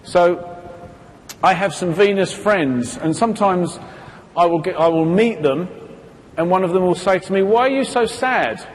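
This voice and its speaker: Unhurried high-voiced man presenting in a hall. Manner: asks the audience questions and acts out quotes. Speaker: seminar presenter. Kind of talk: live talk to an audience. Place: stage in a hall. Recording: reverberant hall, faint background hiss.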